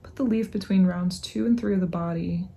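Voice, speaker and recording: A woman's voice: lowish voice, brisk, creaky, dark tone. A young woman casually chatting at home while she crochets, rambling and muttering to herself with sighs as she works. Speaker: crochet vlogger.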